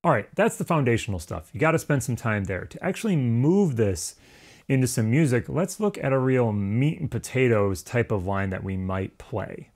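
A man at a middle pitch teaches a music lesson in a relaxed, conversational way. He explains each step plainly and sometimes sings out rhythms on syllables. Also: normal speed. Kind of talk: instructional lesson.

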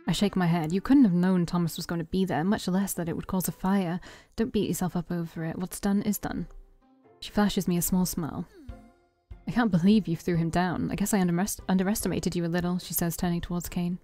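A woman's voice: fairly low pitch, fairly even intonation, fairly quick, warm tone. A woman streamer reading a dating-sim game's text aloud, voicing every part in her own voice and breaking off for joking asides. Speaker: let's-play streamer reading a visual novel aloud. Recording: faint game music behind.

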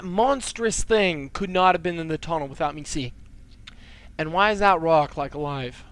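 Guy doing horror game commentary, kinda high smooth voice, talks real slow, jumpy. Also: fairly bright tone, no echo. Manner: jittery, talks to the game and the viewers. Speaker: let's play host.

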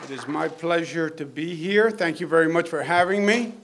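A man's voice: on the high side, a little fast, a crowd in the background, background noise. A man speaking as a governor at a hospital event, talking off the cuff with teasing jokes and earnest praise. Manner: joking, teasing asides mixed with earnest praise. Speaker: state governor giving a speech. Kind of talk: off-the-cuff public speech.

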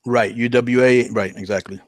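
A man telling a long story on a podcast, casual and animated, acting out the voices he quotes. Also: mid-range voice, moderate pace, no room sound. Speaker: podcast guest.

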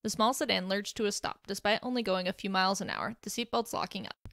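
A woman narrating a fan fiction story aloud in a steady storytelling way. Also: mid-range voice, quick pace, gravelly, no echo, clean studio sound.

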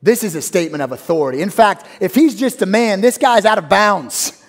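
A man with a high-pitched voice preaches a sermon to a church congregation. He swings from loud, soaring exclamations down to quiet, hushed phrases. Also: animated, brisk. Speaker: pastor.

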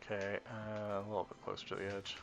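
Speaking in a brisk, gravelly monotone, this lowish-voiced man talks to himself while testing combos during a live stream. He rambles casually, often trails off, and corrects himself. Faint game music plays under dull, lo-fi stream audio.

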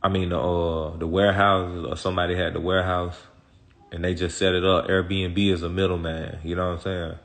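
A man with a fairly low voice holds forth as an interview guest. He talks in loose street slang, rambling from point to point, cursing freely and checking in with the listener over and over. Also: level tone, brisk, fairly bright tone. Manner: rambling, slang-heavy and profane, constant "you feel me". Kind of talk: casual street talk.

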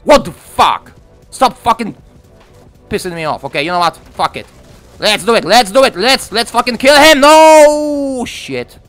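A young man commenting on his own gameplay from home, swearing a lot and ranting with excitement. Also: high voice, moderate pace, faint music behind. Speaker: gaming commentator. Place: room at home.

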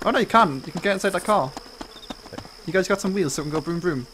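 Male streamer, nervous joking patter, slightly high voice, headset mic, noisy game-chat audio. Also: fast, a bit bright. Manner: nervous, pleading, joking chatter.

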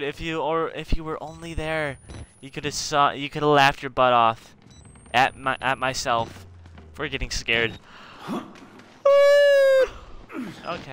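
A man's voice: medium pitch, sharp tone, clear, resonant tone. A young man giving live commentary on a game he is playing, chatting to his viewers in a rambling way. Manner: rambling, talks to his viewers, shrieks after a jump scare. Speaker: game streamer.

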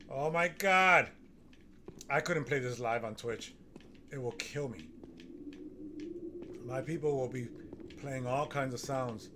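A man giving nervous, excitable running commentary while playing a horror game, gasping and talking himself through it. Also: mid-range voice. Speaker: gaming streamer. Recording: noticeable background noise.

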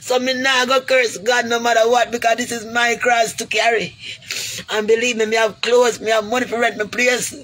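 A woman's voice: fairly high pitch, level tone, moderate pace, fairly bright tone, slight background noise. Jamaican woman pleading to her viewers. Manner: heavy creole grammar, pleading and preachy, calls viewers goody. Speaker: vlogger speaking to viewers. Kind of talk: emotional direct-to-camera monologue.

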